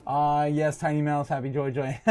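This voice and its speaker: A man with a fairly high voice hosts a casual livestream, chatting loosely. He laughs often, reads viewer comments aloud and fills his talk with ums and uhs. The sound is dry and close to the mic. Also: fairly even intonation, a little slow, a little mellow, no echo. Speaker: host.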